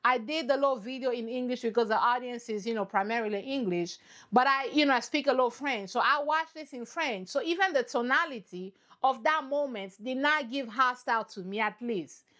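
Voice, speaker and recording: High-voiced animated woman vlogger. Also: brisk. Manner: animated, playful, repeats herself for effect. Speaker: reaction vlogger. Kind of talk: casual reaction commentary.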